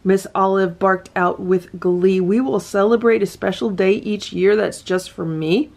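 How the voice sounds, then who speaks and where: A woman reading a children's picture book aloud to her cats, gentle and sing-song, breaking off to point at the pictures. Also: mid-range voice, steady tone, measured pace, vocal fry. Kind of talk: storybook read-aloud with asides.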